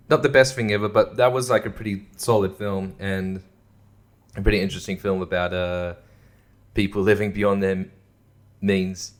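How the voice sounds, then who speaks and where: A young man with a fairly low voice rants about movies, swearing freely and breaking into laughs. His talk is loose and sarcastic, the casual style of a podcast host. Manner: profane, sarcastic, laughs often. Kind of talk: casual rant.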